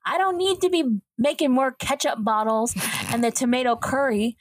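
A woman's voice: sits high, lively intonation, moderate pace, no echo. A woman co-hosting a podcast, teasing and joking in casual group chat. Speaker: podcast co-host.

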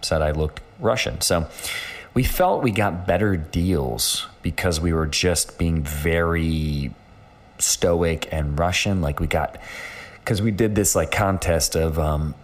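A man's voice: deep voice, takes it slowly. A man hosting his own podcast, talking casually in a rambling way with many fillers and restarts. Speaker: podcast host. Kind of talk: casual solo podcast chat.

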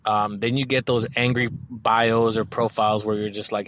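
A man's voice: lowish voice, flat delivery, normal speed, few pauses, fairly bright tone. A man talking casually in a monologue, swearing often and rambling with lots of filler words.

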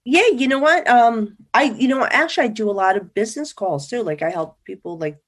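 A woman from New Jersey, a psychic guest in an interview, telling stories in a lively, chatty way and acting out what people said. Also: a little high, brisk. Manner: animated, acts out quoted dialogue. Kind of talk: casual interview storytelling.

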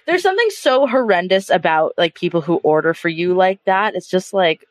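A woman's voice: on the low side, brisk, hardly any pauses, no room sound. A young woman co-hosting a casual rewatch podcast, talking emphatically with lots of fillers. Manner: animated, emphatic, filler-heavy. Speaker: podcast co-host.

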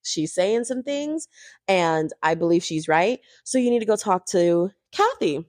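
A woman voicing a calm, blunt young woman on a reality show, speaking low and matter-of-fact. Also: unhurried, no echo, studio quality.

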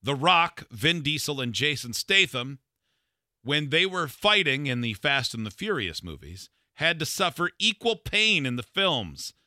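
Bright-voiced man hosting a chat. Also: on the high side, big pitch swings, unhurried, no room sound, studio quality. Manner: chatty, leads the topics. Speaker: podcast host. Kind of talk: casual chat.

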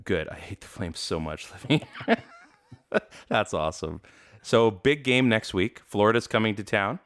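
A man co-hosts a casual hockey talk show. His voice sits very low and comes through smooth and clear, and he keeps the banter animated and jokey with frequent laughs. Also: moderate pace. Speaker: podcast co-host.

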